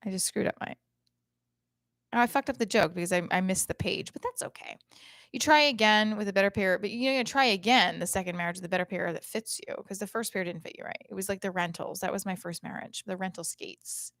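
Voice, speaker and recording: A woman's voice: mid-range voice, fairly quick, a bit bright, no room sound. A middle-aged woman hosting a podcast, talking in a blunt, profane, rambling comedic monologue into a close mic.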